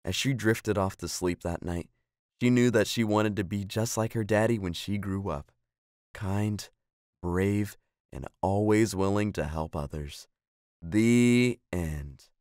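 A man reads a children's storybook aloud in a calm, clear and even way. His voice sits low. The sound is dry and close. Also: slow, dry recording.

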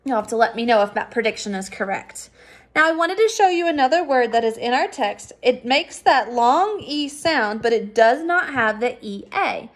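A woman teacher giving a recorded phonics lesson for children, patient and sounding out words slowly. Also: on the high side, animated.

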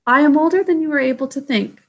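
A woman reading aloud, voicing a calm, ancient and wise great-grandmother who reassures a child. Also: high voice, quick pace, pitched above the performer's own voice. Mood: tender. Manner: tender, reassuring.

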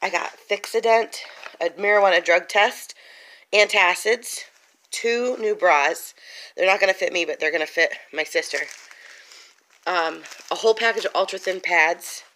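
Bright-voiced excitable woman vlogging. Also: fairly low pitch, moderate pace, slight background noise, rough recording. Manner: excitable, chatty, talks straight to viewers. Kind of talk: casual vlog. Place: in a car, rain outside.

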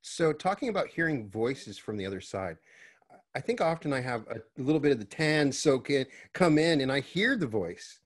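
A man's voice: mid-range voice, very animated, normal speed. A man hosting an interview who thinks aloud and asks long, searching questions. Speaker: host. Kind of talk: casual interview conversation.

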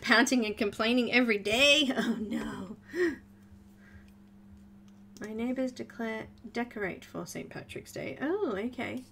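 A woman's voice: fairly high pitch, a little slow, creaky, a bit bright, a little hiss or hum. Chatty woman coloring live. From Australia. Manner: chatty and giggly, talking to herself while drawing. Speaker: art tutorial host. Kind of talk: live coloring tutorial chat.

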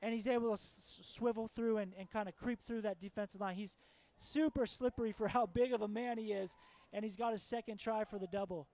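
High-voiced excitable rugby color commentator. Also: male voice, fairly quick, slight background noise. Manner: enthusiastic, chatty with fillers.

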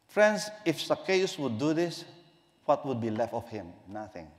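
A man's voice: mid-range voice, very animated, unhurried, in a large hall. A man preaching a sermon as pastor, emphatic and repeating key phrases.

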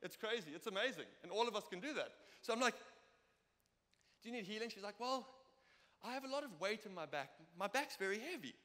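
A young man with a South African accent preaching a sermon in a church, telling lively stories and acting out the dialogue. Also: high voice, fairly quick. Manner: lively, storytelling, acts out dialogue. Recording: long reverb of a church hall.

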